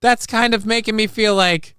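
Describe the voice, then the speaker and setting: A man's voice: sits high, steady tone, moderate pace, pushed and bright, clean tone, no echo, studio quality. A man hosting a casual live-stream show, reacting with exclamations and reading chat comments aloud.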